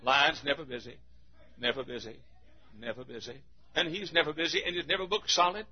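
Pastor, male, husky raspy voice, fervent sermon delivery with big swings in loudness. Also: fairly high pitch, fairly quick, lo-fi sound. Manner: swings from shouting and singing to hushed, intimate talk.

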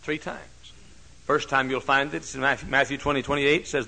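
A pastor preaching a sermon, moving from hushed storytelling to loud, shouted climaxes. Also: male voice, medium pitch, little pitch movement, fairly quick, vocal fry, rough recording.

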